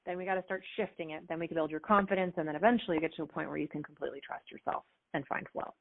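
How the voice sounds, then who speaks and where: Middle-aged female coach, lively interview guest, dry narrow phone-quality audio. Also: deep voice, very fast, no echo. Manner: animated, acts out quoted dialogue with fillers. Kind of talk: conversational interview answers. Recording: tinny phone-like line, dry.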